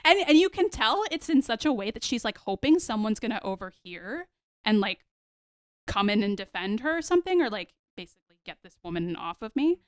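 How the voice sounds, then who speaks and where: A woman's voice: a little high, fairly quick, smooth, no room sound, clean studio sound. A woman hosting a podcast, recapping a TV episode in casual chat and animatedly acting out the characters' lines. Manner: animated, acts out characters' lines, addresses listeners as y'all. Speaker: podcast host.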